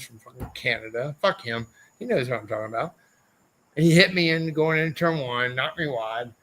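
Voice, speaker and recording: A man who raced motorcycles, telling loud and profane stories as a podcast guest, often slipping into mock quotes of other people. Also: mid-range voice. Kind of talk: unfiltered storytelling, heavy swearing. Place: podcast studio.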